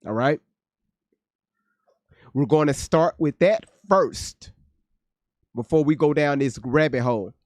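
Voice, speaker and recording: A man's voice: fairly high pitch, takes it slowly, pauses often, a little mellow, dry recording. A man hosting a casual livestream, joking and cursing as he reads viewers' chat aloud. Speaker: livestream host reacting to news.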